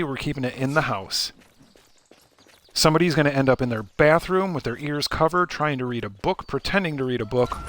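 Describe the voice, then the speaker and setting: A man's voice: a little high, a bit bright, no echo. A man with a Midwestern accent giving joking, rambling play-by-play commentary on a live game event. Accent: Midwestern American.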